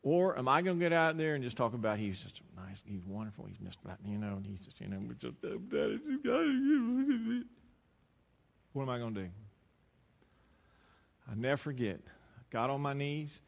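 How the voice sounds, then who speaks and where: A man's voice: medium pitch, huge pitch swings, normal speed, creaky, long pauses, long reverb tail. A man preaching a sermon, moving from a personal story to emphatic preaching. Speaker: pastor.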